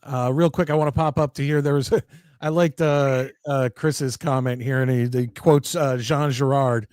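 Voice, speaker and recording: A man hosting a live sports talk show, chatty and excited, reading viewer comments aloud. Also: medium pitch, normal speed, clear, resonant tone, dry recording. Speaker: host.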